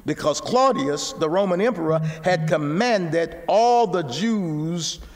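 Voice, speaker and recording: A man preaching a sermon, repeating words and rising to shouts. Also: high-pitched, lively intonation, takes it slowly, in a large hall. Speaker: pastor.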